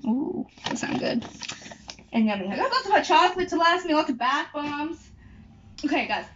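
A woman's voice: high voice, very animated, a little fast, noisy background. A young woman chatting casually at home, rambling and correcting herself as she goes. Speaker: YouTuber. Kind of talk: casual chat. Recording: dull lo-fi recording.

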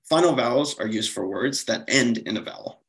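A man's voice: medium pitch, expressive, fairly quick, gravelly, a bit bright, low-quality recording. A man giving a slide-based conference lecture, explaining steadily with occasional fillers and self-corrections. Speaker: conference presenter.

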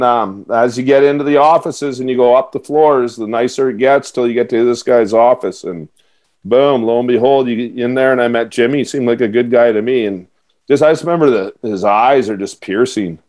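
Man, guest storyteller, even mid pitch, chuckles through his anecdotes. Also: brisk. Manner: laughs through anecdotes, acts out quotes. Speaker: guest, former hockey player. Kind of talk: casual storytelling.

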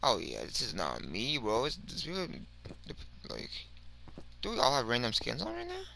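Gravelly young man rambling over gameplay. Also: mid-range voice, huge pitch swings, normal speed, a little hiss or hum. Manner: slangy, rambling, swings from mumbling to shouting. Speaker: gaming video creator. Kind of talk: casual gameplay commentary.

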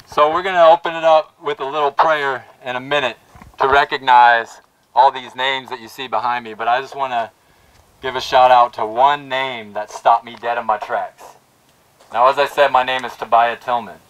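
A man addresses a rally in an outdoor plaza with a bright, forceful voice. He tells his story earnestly and stumbles over his words now and then. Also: mid-range voice, fairly even intonation, normal speed, recorded from a distance, poor audio. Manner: heartfelt storytelling with restarts. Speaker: protest speaker.

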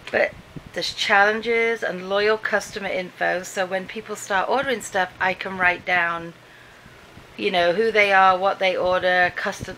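A woman's voice: mid-range voice, sharp tone, slight background noise, low-quality recording. A British woman chatting casually to the camera at home, rambling and easily amused as she talks through her day. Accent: British English. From Britain. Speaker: vlogger. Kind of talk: casual vlog chat. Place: home, indoors, dim room.

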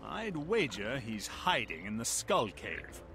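A commanding game officer. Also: male voice, mid-range voice, huge pitch swings, slow, heavily acted. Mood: briefing. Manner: commanding, briefing tone. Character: male military commander giving orders, firm. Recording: game audio over music.

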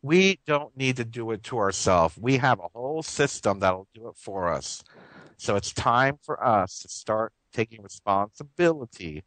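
An earnest male radio host talks in a rambling monologue, restarting his sentences and chuckling as he goes. His voice sits a little low. The sound is dry and close, with no room echo. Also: lively intonation, moderate pace, fairly bright tone. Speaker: radio talk show host.

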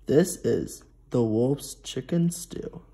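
A teenage boy reads a picture book aloud to small children. He speaks slowly and gently, with a mellow, slightly husky voice. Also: mid-range voice, expressive. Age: teens. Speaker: storybook reader. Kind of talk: reading a picture book to preschoolers.

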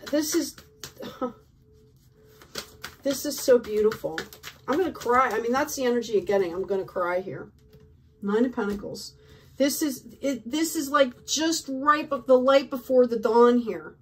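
A woman's voice: on the high side, measured pace, distant mic, slight background noise. Effusive woman reading tarot cards. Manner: effusive, full of "like", "right?" and "okay?". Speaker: tarot reader. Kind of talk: casual tarot reading to camera.

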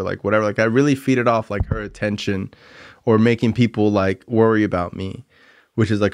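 In this casual storytelling monologue, a podcast host in his twenties recounts his recovery at length, rambling, self-critical and candid, peppered with "um" and "like." His pitch is fairly low, and the clean studio recording has no echo.

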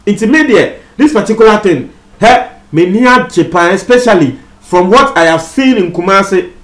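Ghanaian male TV presenter, high voice, talks straight to viewers, echoey room. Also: lively intonation, moderate pace, a bit bright. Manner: mixes Twi with English; addresses viewers directly. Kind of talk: commentary on a news story. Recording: roomy echo.

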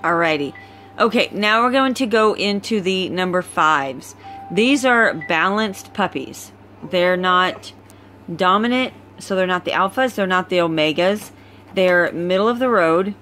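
A woman's voice: on the low side, expressive, fairly bright tone, faint music behind. A tired woman breeder casually presenting a litter of puppies, filmed on a phone at home. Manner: slow, easygoing, chatty. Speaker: dog breeder.

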